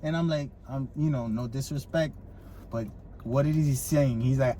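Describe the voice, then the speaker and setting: A man co-hosting a podcast, swearing freely in animated rants. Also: medium pitch, normal speed. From Puerto Rico. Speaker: podcast co-host. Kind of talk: casual chat.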